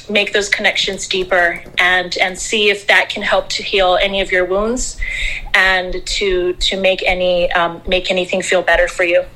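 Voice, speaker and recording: Hesitant woman with a bright, flat voice. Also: medium pitch, rough recording. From Taiwan and Italy heritage. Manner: gentle, hesitant, many ums. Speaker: panel speaker. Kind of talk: reflective live audio-room talk.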